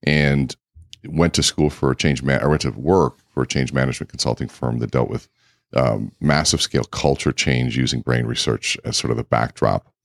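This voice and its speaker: A man guest in a casual interview, telling lively anecdotes full of quoted dialogue. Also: extremely low pitch, normal speed, gravelly, dry recording, studio quality. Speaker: keynote speaker and guest.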